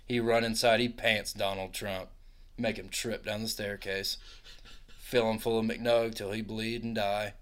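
A man on a podcast improvising a crude comedy story in deliberately broken grammar, laughing along. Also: fairly low pitch, little pitch movement, fairly bright tone, clean tone. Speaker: podcast co-host.

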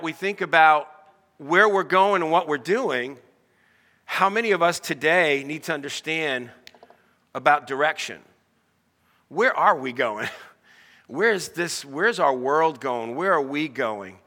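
A man's voice: on the high side, measured pace, bright, forceful tone. American male pastor preaching in a reverberant hall. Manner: conversational, asks the congregation questions. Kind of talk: sermon.

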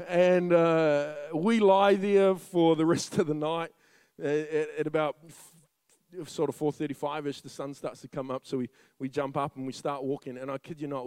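High-voiced, lively male preacher. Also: moderate pace, clear, resonant tone, no echo. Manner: animated storyteller, laughs often. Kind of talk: sermon told as a funny story.

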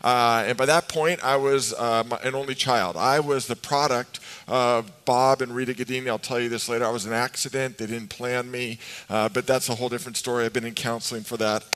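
Speaking a little fast with few pauses, this middle-aged pastor has a medium-pitched, clear, resonant, somewhat bright voice and fairly even intonation. He preaches to his congregation in the sanctuary, mixing humorous stories with questions to the people. Long hall reverb fills the recording.

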